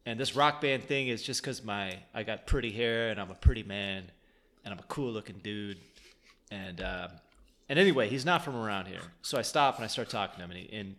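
A man's voice: lowish voice, a little fast, fairly bright tone. Male co-host, loose rambling storyteller, swears freely, stumbles and restarts. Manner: rambling, many restarts, profane. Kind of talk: casual chat, storytelling.

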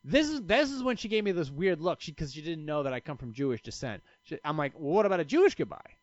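A man talks on his own podcast in a loose, rambling way, swearing freely and cutting himself off mid-thought. His voice sits a little high for a man and swings widely up and down. The sound is dry and a bit dull, like a home lo-fi setup. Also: expressive, fast, no echo. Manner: rambling, profane, self-interrupting storyteller. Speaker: podcast host. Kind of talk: casual solo podcast chat.

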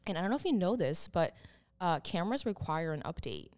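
A woman, a wedding photographer and podcast guest, telling stories in an animated way and acting out what people said. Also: fairly low pitch, fairly quick. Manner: animated storyteller, acts out quotes. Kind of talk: casual podcast chat.

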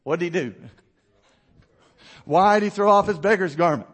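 A man pastor preaching a sermon, acting out Bible characters in quick voices and dropping low and quiet for emphasis.

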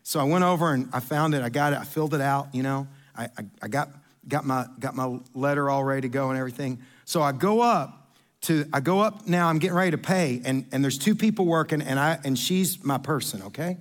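A man's voice: medium pitch, a little fast. A man telling a rambling, self-deprecating story in a sermon.

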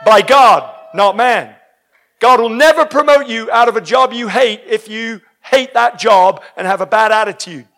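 A man preaching a sermon full of stories, exuberant and breaking into shouts at high points. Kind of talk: sermon with storytelling.

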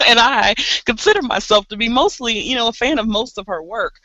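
A woman co-hosting a casual podcast chat, talking in an animated way with laughs and exasperated asides. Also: fairly high pitch, brisk, dry recording, lo-fi sound. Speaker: podcast co-host.

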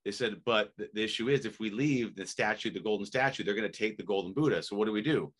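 Low-voiced man explaining a parable. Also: quick pace. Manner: animated, rambling explainer with many "right?" checks. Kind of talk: casual interview conversation.

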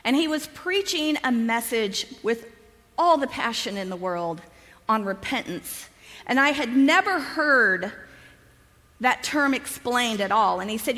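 A woman in her fifties tells her personal testimony to a conference crowd, bringing the story to life by acting out what everyone said. Her voice is bright and a little high. It rings with the long reverb of a large hall. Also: unhurried. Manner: lively storyteller who acts out quoted dialogue, often laughing. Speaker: conference speaker.

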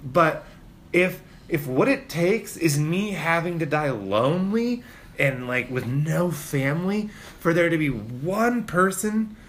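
A man in casual chat, telling a road-rage story with lots of swearing and shouted impressions of himself. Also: on the high side, takes it slowly. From Spokane, Washington. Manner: animated, profane, mimics people in shouts. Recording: faint ambient noise.

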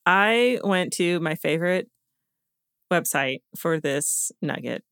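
A woman's voice: fairly low pitch, animated, slow, fairly bright tone, smooth, dry recording, studio quality. A woman co-hosting a podcast, casually retelling a story, often laughing and stumbling over names. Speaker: podcast co-host telling the story. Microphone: podcast studio mic.

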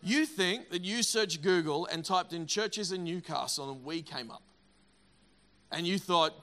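A middle-aged man preaching a sermon, energetic and emphatic, often repeating words. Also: high-pitched, unhurried. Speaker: pastor.

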